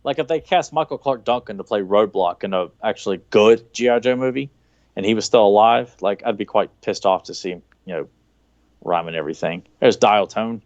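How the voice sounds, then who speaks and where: A man's voice: on the low side, brisk, no room sound, highs cut off. Rambling Southern man on a podcast. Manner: excited, rambling, many fillers and restarts. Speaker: podcast co-host. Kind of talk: casual chat, watching a cartoon.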